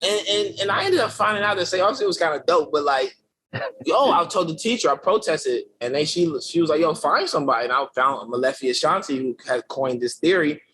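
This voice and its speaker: A man telling his life story as a guest in a casual interview. He speaks in slangy, energetic talk full of fillers and restarts. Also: a little high, brisk, rough recording. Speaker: podcast guest, creative director.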